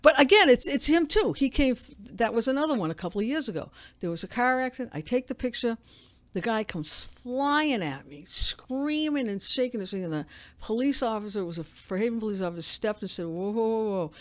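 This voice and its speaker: A woman, a newspaper editor telling stories as a guest in a casual radio interview, animated and full of restarts. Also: on the high side, brisk, no echo. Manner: animated storyteller, frequent restarts and laughs.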